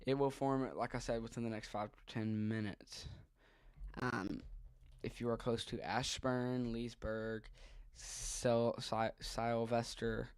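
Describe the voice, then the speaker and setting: A man's voice: medium pitch, steady tone, slow, clear, resonant tone, dry recording, studio quality. A man giving live commentary on a weather radar stream, thinking aloud hesitantly with frequent ums.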